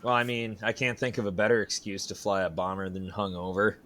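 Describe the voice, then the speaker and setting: A man's voice: fairly low pitch, flat delivery, fairly quick, fairly bright tone. A man co-hosting a podcast, bantering casually with dry, teasing jokes and swearing. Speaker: podcast co-host. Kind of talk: casual chat.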